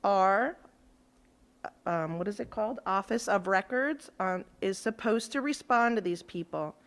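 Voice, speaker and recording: A woman giving a measured, reproachful public comment at a school board meeting. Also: medium pitch, fairly bright tone.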